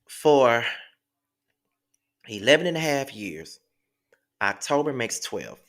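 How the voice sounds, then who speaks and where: A man's voice: medium pitch, expressive, slow pace, long pauses, fairly bright tone. A man in his thirties hosting his own online show, talking emotionally to his viewers and close to tears, repeating himself as he thanks them. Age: 30s. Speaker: YouTube show host.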